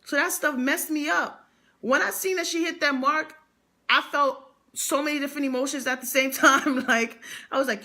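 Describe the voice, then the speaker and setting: A woman's voice: sits high, moderate pace, pushed and bright. A young adult woman speaking, telling a motivational story with emphatic repetition and slang. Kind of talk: motivational vlog monologue.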